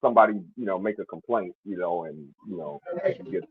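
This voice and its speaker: A man joining a panel talk, speaking haltingly with many fillers. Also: deep voice, narrow, tinny audio. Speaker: panel guest.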